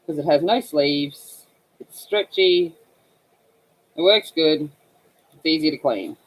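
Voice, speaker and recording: A woman's voice: sits low, slow, rough recording. A woman with an Australian accent, hosting a casual livestream and chatting to viewers about slang while she colors. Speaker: livestream host.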